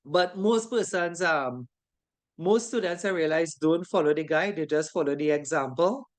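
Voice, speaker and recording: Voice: medium pitch, moderate pace. Instructor who keeps checking in with the class. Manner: keeps checking in with a tag question; repeats key phrases for emphasis. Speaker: course instructor. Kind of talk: online class lecture.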